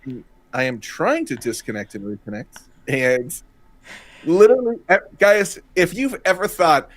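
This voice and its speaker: A man's voice: fairly high pitch, expressive, normal speed. A man co-hosting a casual live-stream chat over a video call, joking and self-deprecating. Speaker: co-host of a live-stream show. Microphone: home desk microphone and camera on a video call.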